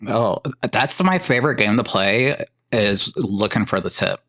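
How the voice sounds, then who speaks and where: A man's voice: on the low side, lively intonation, measured pace, a bit bright. A man co-hosting a casual podcast and cracking crude one-liners. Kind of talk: casual chat.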